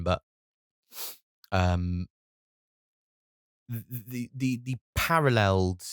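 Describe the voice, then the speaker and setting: A man's voice: low voice, no room sound, clean studio sound. A tired man in his thirties hosting a solo comedy podcast, rambling with many restarts and casual swearing. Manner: swears casually, wry and self-mocking. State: tired from lack of sleep.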